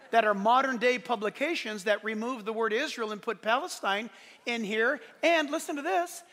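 A pastor preaching a sermon, emphatic and joking, often building to shouts. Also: male voice, very high voice, gravelly, big-room sound.

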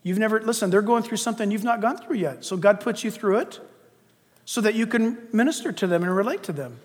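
High-voiced preacher in a reverberant hall. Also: male voice, animated, brisk. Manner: dynamic preaching, swings from loud emphasis to hushed confiding. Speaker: pastor. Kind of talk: sermon.

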